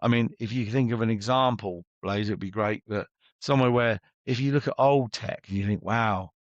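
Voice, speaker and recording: A man's voice: lowish voice, fairly quick, dry recording, lo-fi sound. A middle-aged man, a business coach, talking bluntly and chattily as an interview guest and acting out his exchanges with clients.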